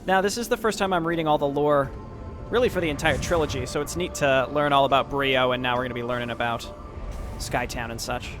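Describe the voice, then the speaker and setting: A man's voice: mid-range voice, fast. Man narrating gameplay over game music. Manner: relaxed, explains as he plays, reads lore aloud. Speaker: gameplay commentator. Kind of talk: casual let's-play commentary. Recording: game music loud underneath.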